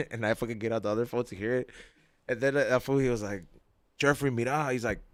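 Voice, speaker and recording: A man on a casual podcast telling a long, animated story, full of slang and laughter. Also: mid-range voice, fast talker, no echo.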